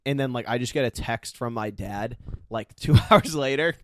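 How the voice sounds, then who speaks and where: A man's voice: medium pitch, normal speed, no room sound, clean studio sound. A man co-hosting a casual podcast, talking in a laid-back, rambling way full of fillers. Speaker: podcast co-host.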